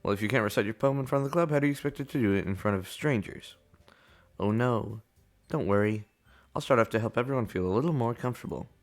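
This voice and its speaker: A man voicing a poised young woman club president with a put-on British accent, calm and encouraging. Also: mid-range voice, fast talker, faint music behind, close to an everyday voice. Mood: upbeat. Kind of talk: voicing a visual novel.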